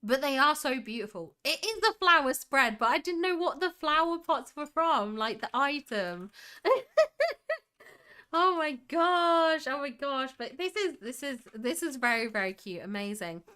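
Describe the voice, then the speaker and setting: A woman's voice: high voice, expressive, moderate pace, pushed and bright, clear, resonant tone. A young woman hosting a casual livestream, reading chat and gushing over screenshots with frequent giggles. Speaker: livestream host.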